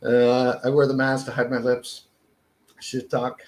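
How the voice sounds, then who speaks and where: A man's voice: mid-range voice, monotone, unhurried. A Canadian man ranting in a casual podcast chat, swearing constantly. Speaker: podcast co-host. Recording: echoey room.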